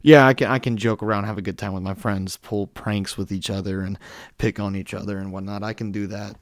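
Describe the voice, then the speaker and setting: A young man with a hoarse voice from a cold, ranting bluntly in a solo podcast monologue. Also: on the low side, steady tone, a little fast, no echo, clean studio sound. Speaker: podcast host.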